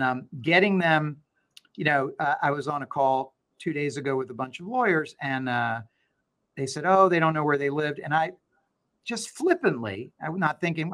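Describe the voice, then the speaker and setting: A middle-aged man, a law firm owner, talking as an interview guest and telling stories with animated, acted-out dialogue. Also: on the high side. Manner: animated storyteller, acts out quoted dialogue. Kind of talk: conversational interview.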